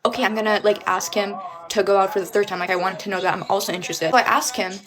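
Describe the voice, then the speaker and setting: A woman's voice: mid-range voice, steady tone, very fast, crowd noise. A young woman venting to camera in an exasperated, profane way, full of rhetorical questions.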